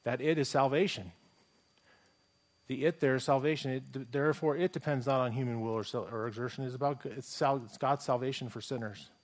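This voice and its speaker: A man's voice: mid-range voice, steady tone, brisk. A man preaching a sermon as a pastor. He speaks conversationally, poses rhetorical questions and often restarts his phrases.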